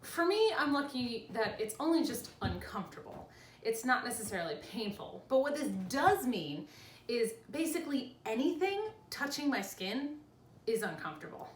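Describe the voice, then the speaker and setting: Young woman, casual vlog, very animated pitch, echoey room, faint background hum. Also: moderate pace, recorded from a distance. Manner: chatty, animated, laughs easily. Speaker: vlogger. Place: home room with cats.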